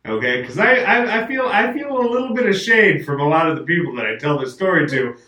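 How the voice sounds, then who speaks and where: A man hosting a casual chat and telling an animated anecdote. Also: fairly high pitch, fast talker. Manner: animated storyteller, acts out quotes. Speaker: podcast host telling a story. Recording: roomy, mic at a distance.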